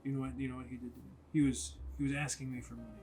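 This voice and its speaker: A man's voice: mid-range voice, flat delivery, racing, darkish tone, faint music behind, natural voice. A man voicing a fed-up wife complaining about her son in a retold story. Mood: annoyed.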